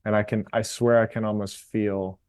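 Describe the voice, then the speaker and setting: A man as a podcast guest, calmly and reflectively explaining ideas in an interview. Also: fairly low pitch, clean tone, dry recording. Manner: calm, explanatory, unhurried. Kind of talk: reflective interview talk on meditation.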